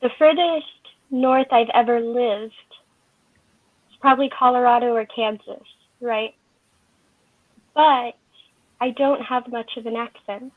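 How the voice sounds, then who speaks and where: A woman chatting casually on a panel, telling stories in a lively, talkative way. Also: a little high, measured pace, pauses often, no echo. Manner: chatty, storytelling. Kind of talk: casual chat. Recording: tinny phone-like online call audio.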